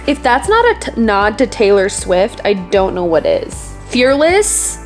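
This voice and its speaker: A woman book vlogger in a casual, animated rant, exasperated and emphatic, repeating words for effect. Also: medium pitch, a little slow. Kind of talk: casual reading vlog rant. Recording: echoey room with faint music.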